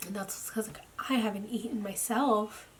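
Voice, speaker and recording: A tired young woman speaking a personal video diary at home into her camera. She talks haltingly, with lots of "like," and often drops into a near whisper. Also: mid-range voice, steady tone, a little hiss or hum. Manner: slow, halting, with frequent "like" fillers and soft, near-whispered stretches. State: tired and drained. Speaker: vlogger. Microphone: camera mic.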